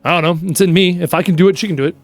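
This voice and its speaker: A man in his thirties chatting casually with his live-stream viewers, telling stories in an animated way and answering their questions. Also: sits high, very fast, no echo.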